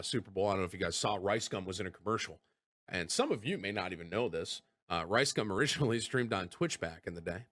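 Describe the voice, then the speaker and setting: A man livestreaming, telling rambling stories to his chat in a casual, animated way and swearing freely. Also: deep voice. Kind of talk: casual storytelling to stream chat.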